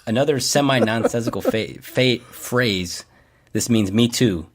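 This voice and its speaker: A man's voice: mid-range voice, a little slow. A man co-hosting a podcast in casual chat, loose and jokey, laughing often as he reads through a list. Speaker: podcast co-host.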